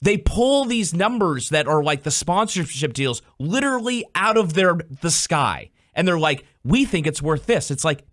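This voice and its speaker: Male business podcast host, fairly high voice, animated storyteller, dry recording. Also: no echo. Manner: animated, acts out customer dialogues in quick voices. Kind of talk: casual business chat.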